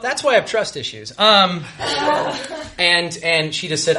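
A young man telling a self-mocking comic story on a live stage, halting and restarting as he goes. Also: a little high, bright, forceful tone. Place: live show before an audience.

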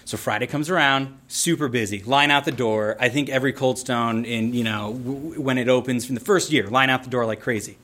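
A man telling a personal story on stage, animated and playful with a theatrical flair. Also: medium pitch, fairly quick, hardly any pauses. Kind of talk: live storytelling.

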